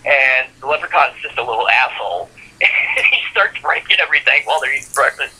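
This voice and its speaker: A man's voice: mid-range voice, animated, fairly quick, bright, forceful tone, breathy edge, rough recording. A man co-hosting a podcast, casually recapping a cartoon episode with lots of fillers. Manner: rambling plot recap with frequent fillers and laughs. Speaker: podcast co-host. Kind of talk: casual chat.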